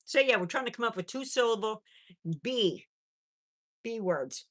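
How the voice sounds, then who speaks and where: The middle-aged host's voice is a little high and animated, and she takes her time. On this casual pet stream she reads chat aloud, chats easily and coos at her animals in baby talk.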